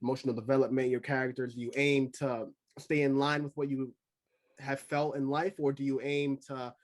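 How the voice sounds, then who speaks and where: A mid-pitched podcast host runs a loose panel with crude jokes and frequent laughter, then turns to put questions to the guests. The delivery is relaxed and casual. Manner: joking, crude, laughs often.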